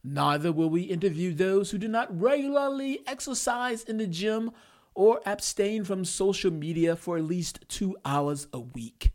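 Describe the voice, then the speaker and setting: A man's voice: high voice, moderate pace, darkish tone, pitched above the performer's own voice, lightly acted. A man putting on an accent to play a stiff, formal male corporate announcer. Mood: officious.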